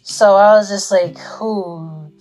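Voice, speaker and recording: This young woman's vlog story comes in a mid-range voice at a measured pace. Her retelling is lively, loaded with swear words and constant "like" fillers.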